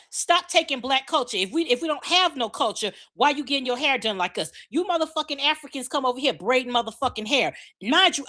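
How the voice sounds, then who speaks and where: A woman's voice: high-pitched, pushed and bright. A woman delivering a furious, profane rant packed with repeated rhetorical questions.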